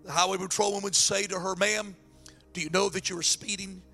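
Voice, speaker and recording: A man preaching a sermon and telling a story, excitable and repeating words as he builds up, his throat strained. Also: high voice, fairly quick, creaky, faint music behind. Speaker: pastor.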